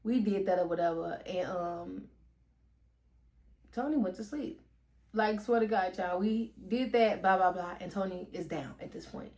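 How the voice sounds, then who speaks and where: A young woman telling an animated storytime to her viewers on a headset mic, swearing freely and calling them "y'all". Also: fairly low pitch, normal speed. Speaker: storytime vlogger. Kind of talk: casual storytime vlog.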